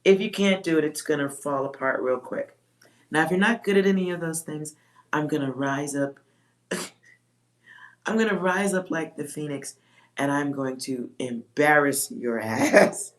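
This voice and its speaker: A woman with a low, grounded voice chats on a livestream as a psychic reader. She talks bluntly and swears freely, with laughs breaking into her talk. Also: normal speed, long pauses. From Texas. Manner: blunt, profane, laughs often. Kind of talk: casual livestream chat.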